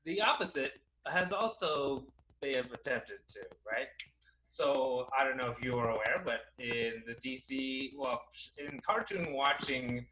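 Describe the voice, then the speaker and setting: A man chatting loosely as a co-host, his voice bright and forward. He rambles through his points with plenty of fillers and restarts, getting animated as he goes. Faint clicks sit behind him. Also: medium pitch, a little slow, slight background noise, low-quality recording. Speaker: podcast co-host. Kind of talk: casual chat.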